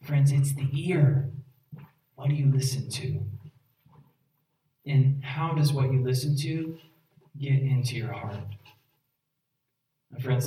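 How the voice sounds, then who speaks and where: A man's voice: mid-range voice, warm tone. A man preaching a sermon, earnest and emphatic, often checking in with "right?" as he pleads with his listeners. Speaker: pastor. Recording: echoey room, voice from far off.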